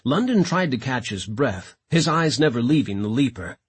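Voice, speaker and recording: A man narrating a science fiction audiobook in a dramatic, expressive reading style. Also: medium pitch, moderate pace, slightly rough.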